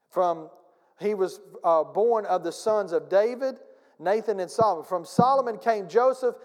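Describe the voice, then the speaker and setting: High-voiced man preaching in a reverberant church. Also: darkish tone. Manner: emphatic preaching with audience call-and-response and acted-out anecdotes. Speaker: pastor. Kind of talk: sermon. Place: church sanctuary.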